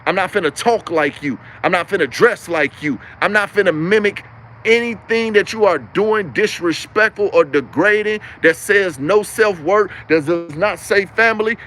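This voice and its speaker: A man's voice: high-pitched, moderate pace, a bit bright, slight background noise. A young man giving a preachy, emphatic, repetitive monologue as a live-stream host. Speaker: livestream host.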